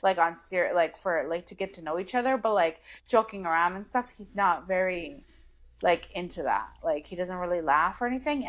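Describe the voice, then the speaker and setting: A woman's voice: lowish voice, fairly bright tone. Giggly chatty woman co-hosting a podcast. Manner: chatty, giggly, many "like" and "um" fillers. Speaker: podcast co-host. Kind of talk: casual chat.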